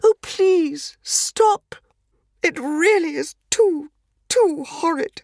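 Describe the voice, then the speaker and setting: A woman voicing a prim, fussy lady passenger who swoons in shrill, genteel distress. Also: drawn-out words, a little mellow, no room sound, studio quality, exaggerated voice. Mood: anguished.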